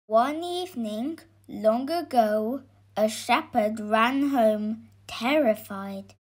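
A woman narrating a children's storybook, slow and clear. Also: fairly high pitch.

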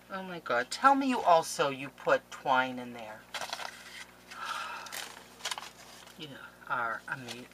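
A woman's voice: lowish voice, pushed and bright, a little hiss or hum, low-quality recording. A woman scrapbooking vlogger opening a package on camera, gushing and playfully melodramatic in a casual chat. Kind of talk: casual unboxing vlog.

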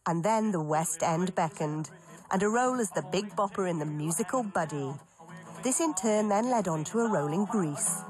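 A woman reads scripted documentary narration in a measured, even manner. Her voice sits somewhat low. Clear music plays beneath her.

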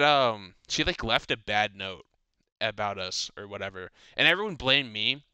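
On his casual podcast, a teen boy rambles through a long school rant full of profanity. His voice is medium in pitch, bright and forceful, with a clean tone and no echo.

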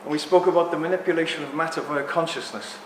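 A man giving a rambling, joking live talk to an audience, speaking loudly without a microphone. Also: a little high, steady tone, quick pace. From Greek heritage. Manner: jokey, rambling, loud. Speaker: guest speaker. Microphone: no microphone, room recording. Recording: echoey room with background noise.

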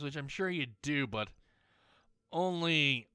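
A man's voice: normal speed, bright, forceful tone, clear, resonant tone, dry recording, studio quality. Ranting profane gamer guy. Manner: profane, ranting, mocking others in shrill voices. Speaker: let's play host. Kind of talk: angry rant over gameplay.

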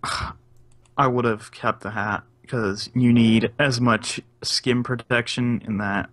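A young man co-hosting a podcast in casual chat, cracking crude deadpan jokes. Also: mid-range voice, takes it slowly. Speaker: podcast co-host.

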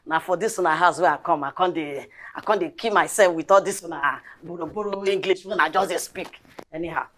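An actress playing a cheeky, streetwise young housemaid with a Nigerian accent, talking back in pidgin. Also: female voice, on the low side, fairly quick, a bit bright. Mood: brash. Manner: brash, talks back in pidgin.

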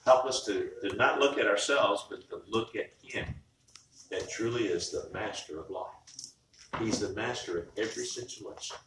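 A man's voice: lowish voice, normal speed, background noise. A man preaching a sermon as pastor in a conversational style, often restarting his words as he speaks. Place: church sanctuary. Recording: far-off mic in echoey church.

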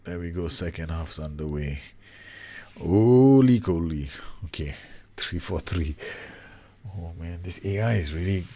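A man's voice: low voice, steady tone, moderate pace, breathy edge. A man commentating on his own football management game, groaning and exasperated at his team. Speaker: gaming YouTuber.

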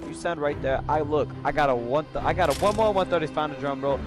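A man's voice: on the high side, fast talker, music in the background. A man in casual game voice chat, whiny and demanding, repeating himself over and over through a headset.

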